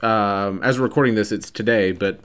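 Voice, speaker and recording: A man's voice: lowish voice, fairly quick, fairly bright tone, a little hiss or hum. A man hosting a podcast in casual chat, rambling, tripping over his words and laughing often. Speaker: podcast host.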